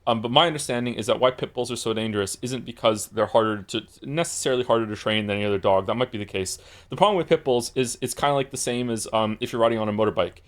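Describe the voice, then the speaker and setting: A man's voice: medium pitch, quick pace. A male streamer chats loosely with his viewers in a mid-range voice. He rambles and restarts, piles on fillers, and swears bluntly as he goes. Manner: profane and blunt. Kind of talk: casual chat with viewers.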